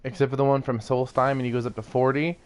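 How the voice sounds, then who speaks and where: A man's voice: medium pitch, level tone, fast talker. A man giving rambling, casual commentary while playing a video game, laughing often and swearing now and then. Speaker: gaming YouTuber.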